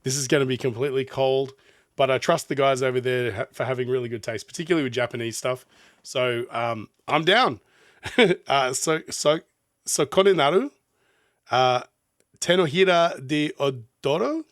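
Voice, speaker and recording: A man's voice: medium pitch, fairly even intonation, a little fast, fairly bright tone, no room sound, clean studio sound. An Australian man, a music producer, chatting casually as he reacts to a song, rambling and laughing often. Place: studio.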